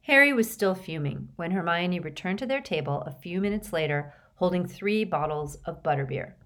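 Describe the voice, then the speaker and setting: A woman reads an audiobook aloud. Her fairly low voice moves lively up and down, with varied phrasing. It is a clean storytelling delivery. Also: moderate pace. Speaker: audiobook narrator. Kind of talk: audiobook reading.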